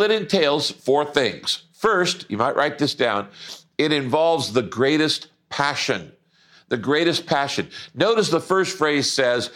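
A man preaching a Christmas morning sermon as a pastor, slowing down and stressing key words for emphasis. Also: medium pitch, fairly bright tone. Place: church.

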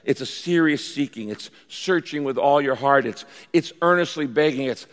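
A man preaching a sermon as a pastor, storytelling with animated delivery and acting out pleading voices. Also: mid-range voice, normal speed. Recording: large hall with long reverb.

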